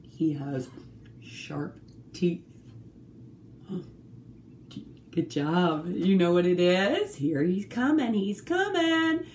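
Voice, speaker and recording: A woman leading a children's music therapy group, talking slowly and singing short songs to a guitar. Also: low-pitched, slight background noise. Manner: slow, animated, sings short songs to a guitar. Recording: roomy echo with faint guitar.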